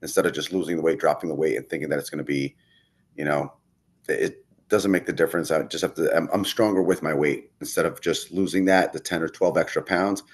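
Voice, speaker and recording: A man's voice: a bass voice, fairly even intonation, fairly quick, slightly rough. A man chatting casually as a podcast guest, telling a rambling story and swearing often. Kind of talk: casual chat.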